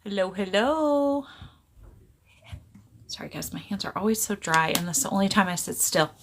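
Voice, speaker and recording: A woman's voice: lowish voice, fast talker, a bit bright, slight background noise. A middle-aged woman talks into her phone on a casual live stream, greeting viewers one by one and rambling about small things. Her delivery is loose, chatty and playfully silly.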